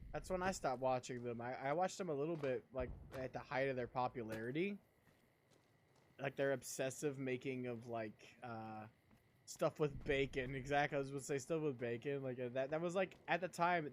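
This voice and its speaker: A man's voice: mid-range voice, moderate pace, slight background noise. A young man live-streaming, chatting casually in a rambling, profane way and laughing a lot. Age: young adult.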